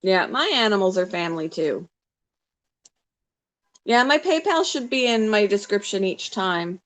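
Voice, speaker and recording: A middle-aged woman talks casually with her audience during a crafting session, at an ordinary middle pitch. Her speech is soft and a little rambling, and she often mutters half to herself while she works. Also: big pitch swings, unhurried. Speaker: vlogger chatting with live viewers while crafting. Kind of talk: casual live-stream chat.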